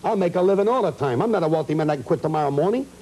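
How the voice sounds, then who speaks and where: Man, comedian, ranting, high swooping voice, old broadcast. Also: lively intonation, warm tone, poor audio. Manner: indignant, ranting, rapid-fire complaints. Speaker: comedian guest. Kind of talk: heated talk show interview.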